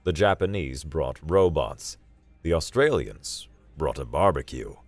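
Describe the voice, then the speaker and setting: A man narrating a sci-fi story in a dry, steady storytelling manner. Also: extremely low pitch, a little slow, dry recording, faint music behind. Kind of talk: scripted narration.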